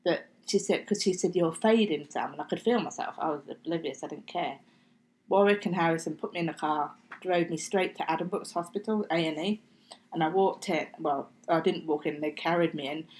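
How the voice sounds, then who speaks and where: A middle-aged woman with a deep, darkish voice talks a little fast on a low-quality recording. As a guest on a podcast, she chattily recounts her story, acting out what people said and sometimes slipping into a near-whisper.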